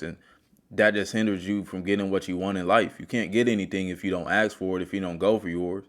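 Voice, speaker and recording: Deep-voiced man giving a motivational talk. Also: steady tone, brisk. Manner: earnest, storytelling, addresses viewer directly. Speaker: self-help video host. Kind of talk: motivational monologue.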